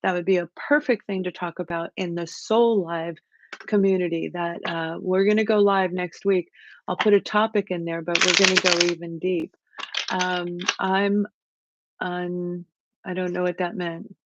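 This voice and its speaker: A woman hosting a live tarot stream, chatty and animated, greeting viewers by name as she reads the cards. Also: on the low side, normal speed, dull audio, a little hiss or hum. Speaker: tarot reader hosting a livestream.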